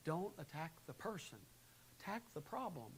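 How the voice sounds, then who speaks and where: A man preaching a sermon in a church, animated, shifting between quiet, calm advice and loud, acted-out quotes. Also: fairly high pitch, normal speed, slightly rough, poor audio. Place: church sanctuary. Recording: faint hiss, live church recording.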